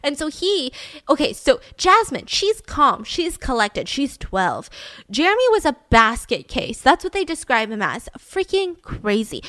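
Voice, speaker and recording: A young woman hosting a true-crime podcast, telling the story in an animated, casual, slangy way. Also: high voice, measured pace, no echo. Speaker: podcast host.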